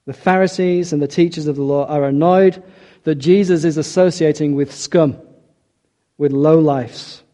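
Earnest male preacher, mellow voice. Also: a little high. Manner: earnest, emphatic, asks rhetorical questions. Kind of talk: sermon.

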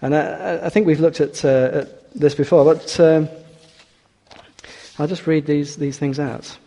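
A man's voice: on the high side, fairly even intonation, measured pace, creaky, dark tone. A man preaching a sermon in an earnest way, with rhetorical questions and hesitant restarts. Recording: long hall reverb.

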